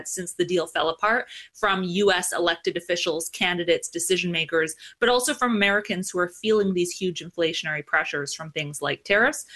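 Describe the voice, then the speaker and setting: A woman policy strategist gives a considered interview answer in a fairly low voice. She talks thoughtfully and sometimes pauses with small fillers. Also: a bit bright.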